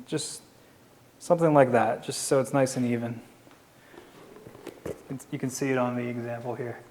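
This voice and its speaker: A man with a Philadelphia accent giving a relaxed, step-by-step crafting tutorial while he works. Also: mid-range voice, moderate pace, long reverb tail, a little hiss or hum. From Philadelphia area. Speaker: leathercraft instructor. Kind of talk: casual how-to tutorial.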